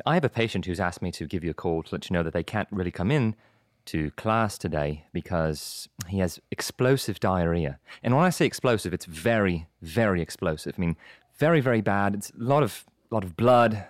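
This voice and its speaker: A man's voice: lowish voice, lively intonation, moderate pace, no room sound, clean studio sound, pitched below the performer's own voice, lightly acted. A man voicing a formal British male doctor phoning a school, with an overly polite manner. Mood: earnest. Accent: British, put on.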